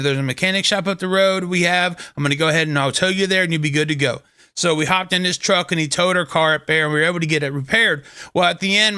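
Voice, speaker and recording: A man with a bright, forceful tone and a slightly high voice talks earnestly about his faith and stumbles through restarts as he tells a story. The sound is close and dry. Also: clear, resonant tone, no echo. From Kentucky. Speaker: host of a faith talk show. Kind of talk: casual inspirational talk.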